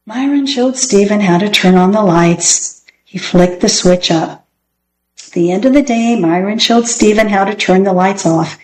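A woman reading a children's chapter book aloud in a gentle, clear storybook manner. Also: medium pitch, moderate pace, a little hiss or hum, poor audio. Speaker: narrator.

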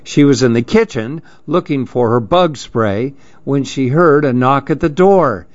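Man, host, children's story reading, very slow, muffled lo-fi. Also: mid-range voice, dry recording. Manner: gentle, measured storytelling.

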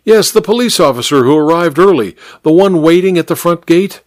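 A man's voice: fairly high pitch, expressive, fairly quick, no echo, voice pushed up, lightly acted. A flustered older judge who stammers in a radio mystery story, read by a male narrator. His voice rises and falls a lot, heard close and dry.

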